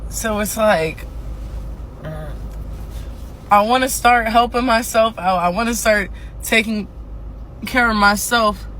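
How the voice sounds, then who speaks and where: An exhausted woman rants in a casual monologue. Her voice is bright and forward, and she circles back over the same frustrations with frequent swearing. Faint noise sits behind her. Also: fairly high pitch, steady tone, slow, long pauses. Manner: frustrated, swears a lot, repeats herself. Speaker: TikTok ranter.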